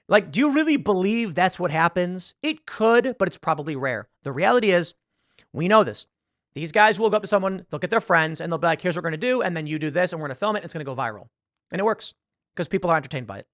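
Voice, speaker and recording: In clean studio audio without any room sound, a man with a slightly high, somewhat bright voice hosts a show. He offers loose, chatty political commentary, performing quotes as he talks.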